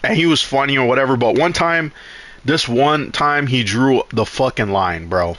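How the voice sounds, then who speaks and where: A male streamer telling a story in casual talk. He is animated and rambling, swears a lot, and restarts his sentences. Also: mid-range voice, normal speed.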